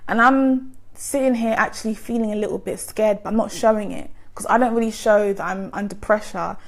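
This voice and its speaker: Gentle-voiced woman with vocal fry. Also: medium pitch, steady tone, brisk. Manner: chatty, lots of likes and ums. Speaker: vlogger. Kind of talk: casual storytime monologue.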